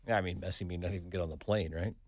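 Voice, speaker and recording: A man with a very low voice makes short, measured comments in a casual sports chat. The recording is dry and close. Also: steady tone, a little mellow, no room sound. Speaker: podcast co-host.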